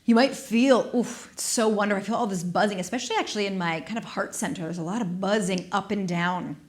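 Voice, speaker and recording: A woman movement instructor guiding an exercise class on a dedicated microphone, gentle, playful and encouraging, with soft laughs. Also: medium pitch, quick pace. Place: studio.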